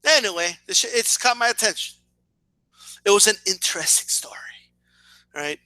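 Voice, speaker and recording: Speaking at a moderate pace with lively intonation, this man has a high, very bright voice and vents to his camera about boxing and wrestling, sarcastic and freely profane. He trips over words and repeats himself as he builds steam, recorded dry and close with hardly any echo.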